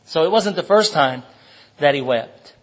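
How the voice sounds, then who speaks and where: A man's voice: fairly high pitch, animated, a little slow, poor audio. A man preaching an informal sermon in a conversational way, asking the listeners questions and telling personal stories.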